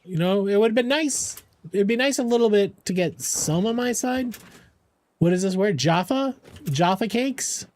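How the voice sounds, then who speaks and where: While live-streaming a game, this young man talks casually in a high, expressive voice with a darkish tone at a moderate pace. He rambles, kids around, and responds to his chat.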